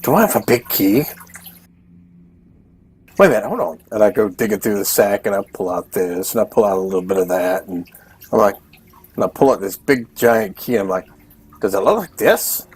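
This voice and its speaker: A man's voice: lowish voice, expressive, a little fast, long pauses, darkish tone, breathy edge. A man playing a tabletop game, speaking in character in a playful, chatty way. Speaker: player.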